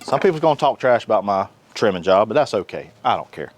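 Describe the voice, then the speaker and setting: A North Carolina man hosts a casual cooking demo outdoors by a grill, talking fast in a lowish voice. He's folksy, jokey, and animated throughout.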